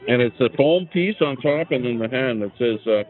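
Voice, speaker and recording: With music in the background, a man's medium-pitched voice has lively intonation and a moderate pace. He hosts a live stream from a chair at an outdoor rally, chatting loosely and greeting viewers in the chat on a small clip-on mic; the audio is tinny and phone-like lo-fi.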